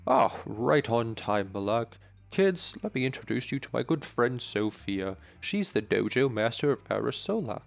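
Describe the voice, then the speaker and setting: A man's voice: medium pitch, sing-song, moderate pace, vocal fry. A man doing a jovial old mentor professor. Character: cheerful male professor, a mentor.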